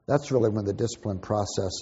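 A man's voice: on the low side, fast talker, warm tone, husky. An older man teaching on Christian parenting in a conversational, plain-spoken way. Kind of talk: teaching talk to an audience. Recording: dull lo-fi recording with long hall reverb.

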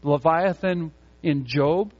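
Guy preaching a sermon, kinda high voice, leans hard on repeated lines, muffled lo-fi sound. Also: slow pace. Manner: emphatic preaching, repeats key phrases for stress. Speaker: pastor.

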